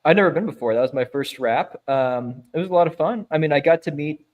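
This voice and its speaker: A man's voice: on the high side, fast talker, narrow, tinny audio. A man chatting casually as a guest, telling stories loosely with many fillers and easy laughs. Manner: rambling storyteller, many fillers, laughs easily. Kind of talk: casual chat.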